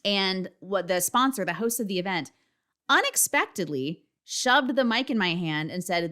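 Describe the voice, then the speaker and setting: A woman's voice: medium pitch, animated, normal speed, pushed and bright. Frank, profane woman podcaster. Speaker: podcast host. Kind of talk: candid solo podcast talk.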